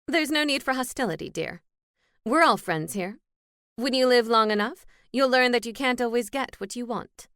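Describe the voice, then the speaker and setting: A woman's voice: on the high side, moderate pace, a bit bright, smooth, dry recording. A woman reading the part of a haughty older fairy mayor, condescending and patronizing in tone, in a dry close recording. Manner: condescending, calls others dear.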